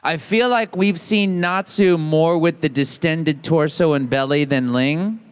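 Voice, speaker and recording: A man's voice: on the high side, unhurried, clear, resonant tone. An American man joking and rambling as a guest on a convention panel stage. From United States. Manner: playful, joking, rambling with restarts. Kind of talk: casual convention panel banter. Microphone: handheld mic with stage monitor.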